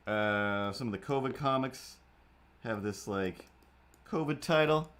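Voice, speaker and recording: A man's voice: medium pitch, a little slow, a little hiss or hum. Rambling, playful man on a live stream. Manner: animated, playful, slips into silly voices. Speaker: streamer drawing comics.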